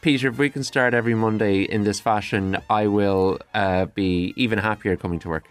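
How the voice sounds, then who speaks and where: A man's voice: lowish voice, fairly even intonation, brisk, smooth. A man co-hosting a breakfast radio show with dry, teasing banter. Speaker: radio co-host.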